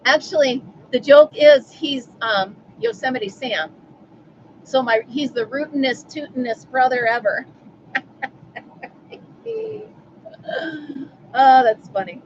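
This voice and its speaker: A woman's voice: high voice, lively intonation, slow, pauses often, highs cut off, slight background noise. A woman hosting a casual live stream from home, chatting and answering viewers by name. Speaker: livestream host.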